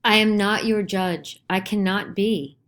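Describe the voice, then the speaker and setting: A woman's voice: medium pitch, fairly even intonation, measured pace, a bit bright, voice pushed up, lightly acted. A woman voicing a fearful yet firm wife in a dramatized play reading, strained and pleading.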